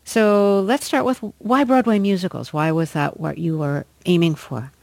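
A woman interviewer asking measured, informed questions. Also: on the low side, vocal fry, darkish tone, dry recording. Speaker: interviewer, host.

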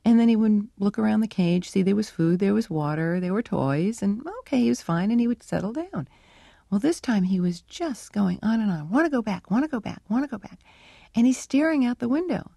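A woman's voice: medium pitch, lively intonation, fairly quick, gravelly, mellow, dry recording, clean studio sound. A researcher woman being interviewed, telling stories in a reflective, conversational way with fillers. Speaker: animal cognition researcher, guest. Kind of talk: interview answers, storytelling.

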